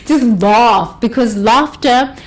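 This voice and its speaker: A woman giving an expressive motivational talk, stretching words for emphasis and laughing often. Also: fairly high pitch, slow pace. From South Africa. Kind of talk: motivational monologue.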